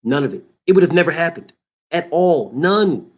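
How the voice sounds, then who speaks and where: A man with a high voice for his sex rants about boxing as a show host. He is heated and profane, and he hammers the same point again and again. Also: lively intonation, normal speed. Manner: heated, emphatic, profane, repetitive. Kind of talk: boxing commentary rant.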